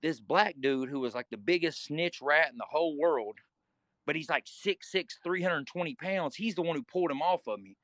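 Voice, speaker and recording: A man's voice: on the high side, lively intonation, normal speed, a bit bright, dry recording. A man telling a guest story in casual, vivid, profane talk and acting scenes out.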